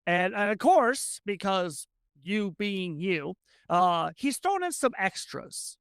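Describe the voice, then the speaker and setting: Gravelly-voiced tabletop game master. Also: mid-range voice, sing-song, no room sound. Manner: rambling, quick, many restarts.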